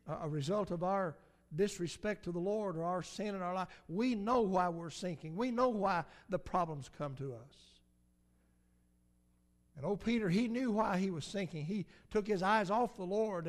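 A man's voice: sits high, normal speed. A man preaching a sermon in an emphatic, repetitive cadence, with swells of volume.

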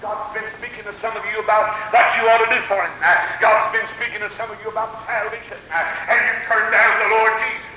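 A high, sharply bright male voice preaching a fervent sermon, peppered with "uh" and "hallelujah" and swelling into shouts. It rings through a very echoey hall with a faint hiss behind it. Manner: emphatic, with frequent "uh" and "hallelujah" interjections.

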